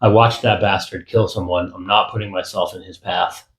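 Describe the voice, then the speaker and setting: A man's voice: sits low, fairly even intonation, moderate pace, a bit bright, echoey room. A man voicing a wry, bitter young man in an audiobook, muttering darkly. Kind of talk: audiobook character voice.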